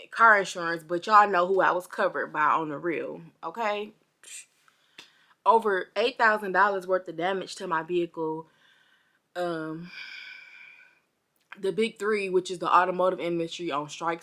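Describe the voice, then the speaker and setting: A young woman telling a storytime vlog to her viewers, chatty and animated, a little parched and under the weather. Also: on the low side. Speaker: vlogger.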